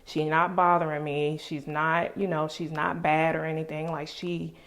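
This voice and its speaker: A woman telling a personal story on her vlog in an animated, emphatic way, full of casual slang. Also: low voice, moderate pace. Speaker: vlogger.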